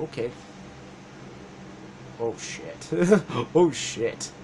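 A man's voice: on the high side, expressive, slow, slight background noise. A young man giving casual, profane, joking commentary while playing a video game. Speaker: let's play gamer.

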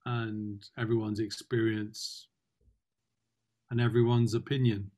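A man being coached in a consultation, speaking in a halting, reflective way with many fillers and restarts. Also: lowish voice, level tone, mellow. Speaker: client in consultation. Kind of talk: reflective conversation.

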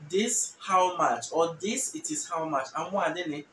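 A Ghanaian man teaching a language lesson, repeating each phrase slowly and translating it patiently. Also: fairly high pitch, sharp tone. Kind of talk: relaxed spoken language lesson. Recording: roomy, distant mic with faint noise.

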